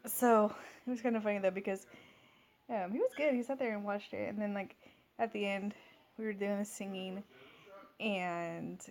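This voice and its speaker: A woman's voice: mid-range voice, normal speed, long pauses, darkish tone. Rambling woman telling a story at home. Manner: rambling, many fillers and restarts. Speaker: vlogger. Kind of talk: casual storytelling vlog.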